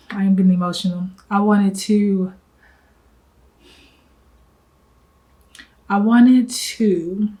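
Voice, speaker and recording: A young woman who runs a travel agency, chatting fast and a little breathless to camera in a casual vlog, full of fillers and asides. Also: medium pitch, darkish tone, poor audio. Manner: fast, rambling, breathless talk. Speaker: travel agent business owner.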